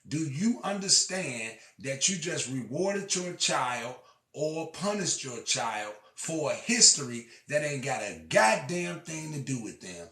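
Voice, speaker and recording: Passionate male storyteller, rough-edged and repetitive, distant in an echoing room. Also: on the high side. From Illinois. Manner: impassioned, swings from shouting to quiet; profane, repeats himself. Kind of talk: preaching monologue. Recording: echoey room, far from mic.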